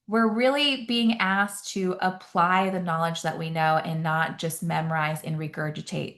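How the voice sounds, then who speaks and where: A woman's voice: mid-range voice, a bit bright. A woman nurse practitioner teaching a live exam-prep webinar, upbeat and quizzing the audience, often checking in with "right?".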